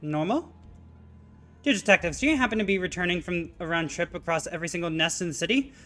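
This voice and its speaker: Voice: mid-range voice, a bit bright, faint music behind, lightly acted. Mister Bumble, a streamer doing a pompous hustling factory boss. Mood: boastful. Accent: exaggerated put-on Italian. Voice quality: brisk, boastful, impatient. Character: fast-talking pompous male factory owner. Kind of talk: reading game dialogue aloud.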